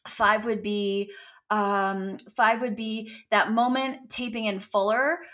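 A woman's voice: mid-range voice, fairly even intonation, slow, a bit bright. A woman actor from Canada, a guest chatting in a rambling, self-deprecating way. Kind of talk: casual interview chat.

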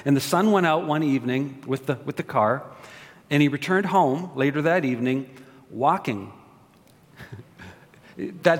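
A man's voice: a little high, expressive, a little slow, pauses often. A man preaching a sermon as a pastor, joking and asking his congregation questions. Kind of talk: sermon with prayer. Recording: long reverb of a large hall.

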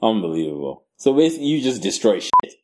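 A man riffing on a podcast with a lively, bouncing voice that leaps up and down as he tells stories. He swears freely and laughs through his own jokes, loose and animated. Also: on the low side, quick pace, slight background noise. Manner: animated, profane, laughing storyteller. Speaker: podcast co-host. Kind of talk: casual podcast banter.

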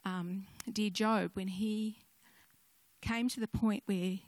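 An older woman giving a personal testimony sermon, telling stories gently with conversational asides. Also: medium pitch, fairly even intonation, slow, no echo. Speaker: speaker sharing a devotional message.

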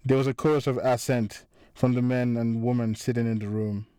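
A man narrating a crime story in a measured, dramatic reading. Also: medium pitch, fairly even intonation, dark tone, clean tone, dry recording.

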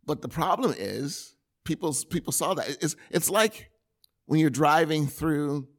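A man preaching a sermon in a conversational, animated way, with everyday examples. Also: mid-range voice.

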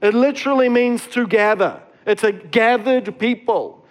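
Man, pastor, sermon, high-pitched, conversational, filler-heavy. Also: measured pace. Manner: casual, conversational preaching with many fillers.

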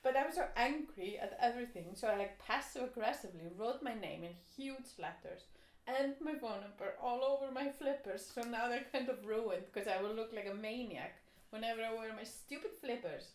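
A woman telling a rambling, animated story in casual chat, with plenty of fillers. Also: on the high side, fairly quick. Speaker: storyteller guest. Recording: echoey room.

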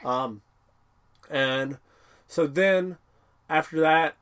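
A man's voice: on the high side, very slow, clean tone. A man co-hosting a podcast, rambling through a casual episode recap with many fillers and laughs. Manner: rambling, with many fillers and laughs, bursts into excited character quotes. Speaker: podcast co-host.

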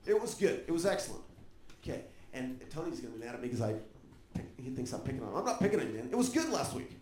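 A man preaching a sermon, animated and joking with the congregation. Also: mid-range voice, fast, roomy sound, a little hiss or hum. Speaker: pastor.

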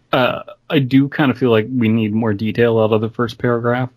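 A man's voice: mid-range voice, fairly even intonation, moderate pace, darkish tone. A man hosting a podcast over a video call, reading a short horror story aloud with dry, joking asides.

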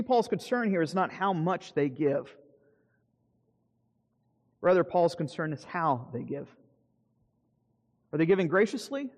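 Earnest pastor preaching in a reverberant hall. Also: male voice, darkish tone. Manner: earnest, rising emphasis on key phrases, drops low at ends of points. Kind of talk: sermon.

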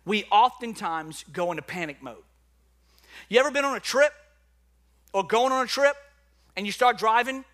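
A man preaching a sermon, telling stories with lively energy and acting out his own panic in quick bursts. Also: sits high. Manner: animated storytelling, acts out his own panic. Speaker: pastor.

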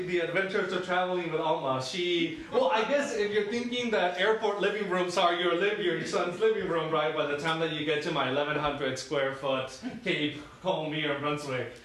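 Conversational pastor in an echoey hall. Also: male voice, fairly high pitch, normal speed. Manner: relaxed, conversational storytelling. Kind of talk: sermon. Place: church sanctuary. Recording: very echoey room from a distance.

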